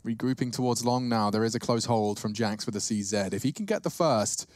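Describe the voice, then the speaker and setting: A man giving lively play-by-play commentary on a competitive game, breaking into shouts at big moments. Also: mid-range voice, fairly quick, no echo. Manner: excitable, bursts into shouts at big plays. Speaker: esports caster.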